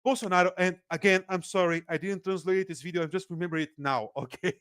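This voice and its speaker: Man, Brazilian accent, native Portuguese speaker, political analyst guest, lively, laughing, restarts sentences, fairly high voice. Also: fast talker, clean tone, no echo, clean studio sound. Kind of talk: casual podcast interview.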